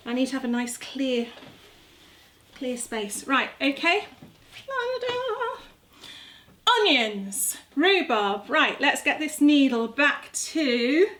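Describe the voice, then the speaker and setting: A woman's voice: high-pitched, lively intonation, takes it slowly, a bit bright. A middle-aged woman chatting casually while demonstrating a recipe in her kitchen, joking about herself as she works. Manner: chatty, self-mocking, talks while working. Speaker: gardening vlogger. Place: home kitchen. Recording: audible background noise.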